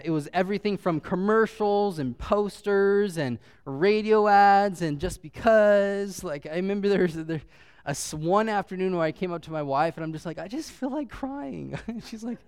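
Fond young father, smooth voice. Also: high voice, a little mellow. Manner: chatty with frequent fillers, laughing as he talks; heartfelt, chokes up when sentimental. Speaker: speaker sharing a personal story. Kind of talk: casual personal storytelling.

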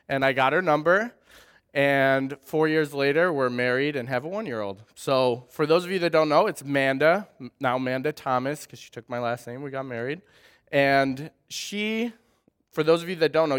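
A man's voice: on the high side, moderate pace, a bit bright, clear, resonant tone. A man in his thirties from southern Wisconsin with a light Wisconsin accent, giving a friendly, humorous church talk with personal stories. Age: 30s. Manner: friendly, humorous, chatty storytelling. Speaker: guest speaker at a church. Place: church sanctuary.

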